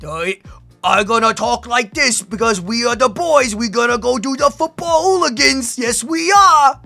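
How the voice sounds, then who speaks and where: A loud, bellowing orc boy, rowdy and brutish, growling out broken grammar, as a streamer woman puts him on. The voice is bright and edgy, pushed a little higher and louder than ordinary talk. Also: animated, slow pace, vocal fry, soft background music, full character voice. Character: rowdy brutish male orc lad, loud hooligan type.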